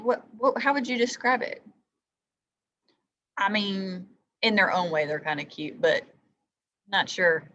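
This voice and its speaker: Lively woman reading to kids. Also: medium pitch, dull audio, a little hiss or hum. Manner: lively, asks the listener questions. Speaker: teacher. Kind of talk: reading a story aloud to children.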